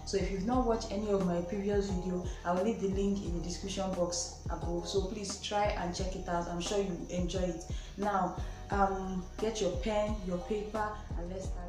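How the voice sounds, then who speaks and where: A woman from Nigeria with a Nigerian accent, hosting a lesson and slowly repeating each sound several times. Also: mid-range voice, steady tone, echoey room, music in the background, rough recording. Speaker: Korean language teacher, channel host. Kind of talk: slow spoken lesson.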